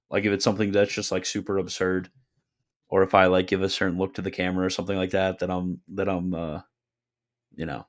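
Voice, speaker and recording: A young man with a deep, low voice hosts a livestream Q&A. He reads chat questions and tosses back offhand, deadpan answers with a joking edge. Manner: offhand, deadpan, quick jokey replies. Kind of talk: casual livestream Q&A.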